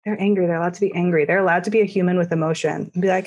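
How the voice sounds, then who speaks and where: A woman's voice: on the low side, steady tone, racing, a little mellow. A woman guest on a podcast, a startup founder talking frankly and with animation in casual conversation.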